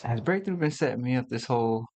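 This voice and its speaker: A man's voice: mid-range voice, animated, quick pace, a little mellow. Playful slangy male livestream host. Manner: loose, playful, slangy, talks to viewers in the chat. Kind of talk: casual livestream talk.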